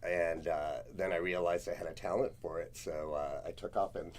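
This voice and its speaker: A middle-aged man from the Los Angeles area talks as a guest in a casual interview. His voice sits very low, and he tells his stories in a laid-back way, full of fillers and little laughs. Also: steady tone, moderate pace.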